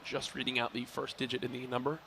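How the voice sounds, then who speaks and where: A man doing lively play-by-play commentary for an esports tournament, playful and quick to joke. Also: mid-range voice, creaky, slight background noise. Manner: energetic, playful, counts and jokes on air. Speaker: esports caster.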